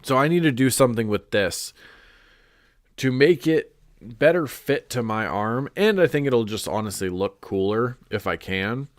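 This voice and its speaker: A man's voice: mid-range voice, lively intonation, measured pace, no room sound, studio quality. A man chatting casually on a live stream, congested and rambling with lots of "like" and restarts. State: stuffed up, congested.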